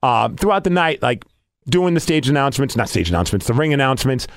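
A man hosting a podcast, telling a story in a casual, animated way and acting out his own reactions. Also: medium pitch, fast, no room sound, studio quality. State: losing his voice. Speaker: podcast host.

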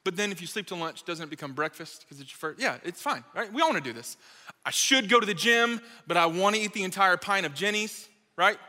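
A man giving a playful, lively sermon to a live audience, joking and talking straight to the crowd. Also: high-pitched, fairly quick. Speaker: speaker at a college ministry gathering. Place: large hall with live audience. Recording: reverberant hall.

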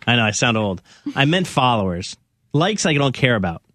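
A man's voice: medium pitch, sing-song, moderate pace, a crowd in the background. A man hosting a casual radio show podcast, chatty and laughing as he reads listener texts.

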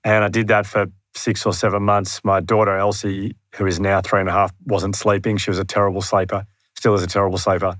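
Aussie guy on a podcast, low voice, dead dry room, earnest and a bit self-deprecating, tells it like a story. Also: level tone, a little fast, fairly bright tone, no echo. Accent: Australian. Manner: earnest, self-deprecating, acts out his own past thoughts. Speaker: podcast guest. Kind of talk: candid storytelling in conversation. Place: room near his home.

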